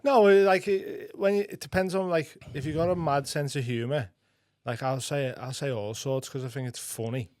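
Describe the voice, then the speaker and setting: A man co-hosting a comedy podcast, bantering quickly and teasing his friend, with casual swearing. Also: medium pitch, steady tone, darkish tone, no echo, studio quality. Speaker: podcast co-host.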